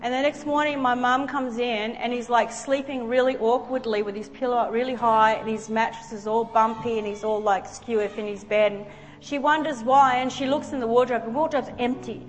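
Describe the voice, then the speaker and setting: A woman's voice: fairly high pitch, fairly even intonation, moderate pace. A woman preacher delivering a sermon in a church, telling a personal story in an earnest, emotional way. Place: church sanctuary. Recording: long hall reverb with faint music.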